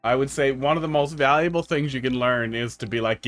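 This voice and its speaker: A man's voice: mid-range voice, steady tone, brisk, hardly any pauses, a bit bright, faint music behind. A man from the United States giving casual, joking live-stream commentary on viewer-made game levels, rambling and laughing often.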